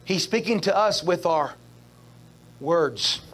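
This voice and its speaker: A man's voice: high voice, lively intonation, takes it slowly, fairly bright tone. A male pastor preaching a sermon at a church service, repeating phrases and calling out to the congregation for responses.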